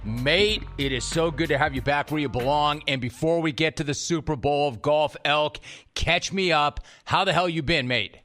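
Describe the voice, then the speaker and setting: Punchy bright-toned male podcast host. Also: on the high side, normal speed, faint music behind. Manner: punchy, emphatic delivery. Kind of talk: scripted intro and ad read.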